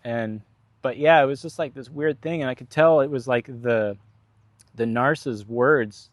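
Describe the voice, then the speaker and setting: A man's voice: medium pitch, normal speed, dry recording. A man vlogging in a casual, rambling storytelling monologue, frank and profane, full of fillers.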